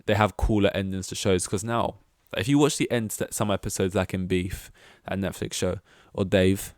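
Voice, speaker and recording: A man's voice: deep voice, fairly even intonation, normal speed, dry recording, studio quality. A young man hosting a casual solo podcast, rambling and chatty, with self-deprecating asides and lots of fillers. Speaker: podcast host.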